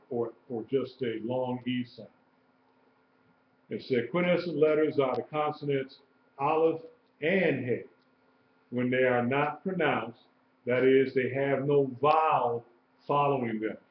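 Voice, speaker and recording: A man teaching a live-streamed lesson, explaining slowly and repeating key points. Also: medium pitch, a little hiss or hum. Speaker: Hebrew teacher. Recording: echoey room, dull lo-fi sound.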